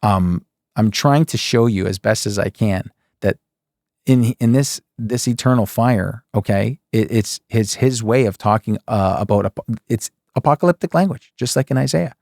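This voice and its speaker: A man with a fairly low voice teaches the Bible in a loose, conversational way. He pokes fun at his point with tongue-in-cheek rhetorical questions and keeps checking in with "okay?" The sound is dry and close, with no room behind it. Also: normal speed, vocal fry, a little mellow, no echo. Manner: folksy, keeps saying "okay" and "folks".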